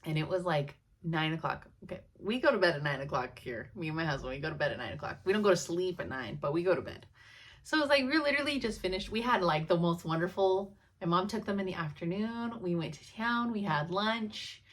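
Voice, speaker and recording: A cross-stitch vlogger in her thirties chats casually with her viewers, laughing often as she tells stories. Her voice is fairly low, with lively intonation and a fairly quick pace.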